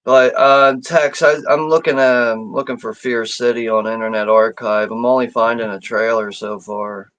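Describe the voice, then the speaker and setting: A man co-hosting a watch-party stream, chatting in a relaxed, chuckling, filler-heavy way. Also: medium pitch, moderate pace, few pauses, no room sound, poor audio. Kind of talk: casual livestream chat.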